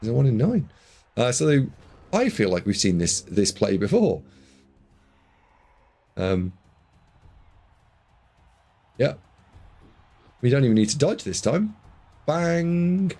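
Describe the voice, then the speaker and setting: A man casting a video game match, excitable, jumping from loud shouts to muttered asides. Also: medium pitch, slow pace, pauses often. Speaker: game caster.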